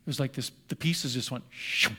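An older man who is a pastor, preaching a sermon in an earnest storytelling manner that shifts between hushed and emphatic. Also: medium pitch, quick pace, breathy edge.

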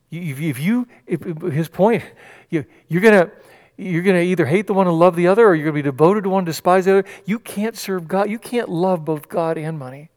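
A man preaching a sermon from the pulpit, animated, acting out the quoted voices and often restarting his sentences. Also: high voice, fairly quick. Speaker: pastor. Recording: long hall reverb.

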